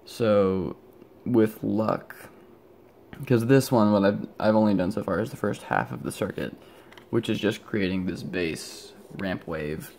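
Rambling young man, low and gravelly. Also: unhurried, darkish tone, a little hiss or hum. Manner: rambling, self-interrupting, sleepy and yawning. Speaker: electronics hobbyist vlogger. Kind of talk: rambling casual show-and-tell.

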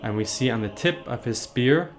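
A man, a priest, leading a catechism meditation on a painting, gently asking the listener questions and answering them. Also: mid-range voice, lively intonation, normal speed, faint music behind.

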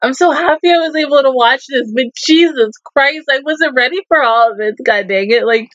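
A high, slightly bright female voice at a moderate pace belongs to a young woman reviewing an anime with strong emotion, swearing often and laughing mid-word while sometimes tearing up. The sound is lo-fi, with a little background noise.

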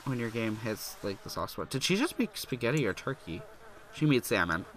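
A young man giving casual, excitable gameplay commentary as a let's play gamer, chatty and full of "like" fillers, his voice sounding a little off. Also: mid-range voice, brisk.

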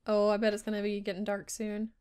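A woman's voice: medium pitch, monotone, fast, a little mellow, clear, resonant tone. A woman chatting casually with a friend while playing a video game, giggling often and trailing off mid-sentence. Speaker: game player. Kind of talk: casual co-op gaming chat.

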